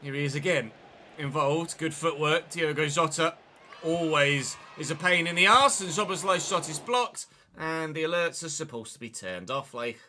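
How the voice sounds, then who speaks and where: A man's voice: a little high, moderate pace, pushed and bright. A man live-streaming a football game, giving play-by-play commentary with chatty asides to viewers. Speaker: gaming streamer.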